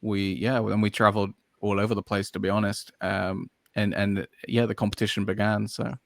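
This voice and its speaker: A man's voice: fairly low pitch, little pitch movement, a little fast, creaky, dry recording. A man guesting on a podcast, talking casually and at length, full of fillers and restarts as he searches for words. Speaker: podcast guest, dog trainer. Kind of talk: casual interview chat.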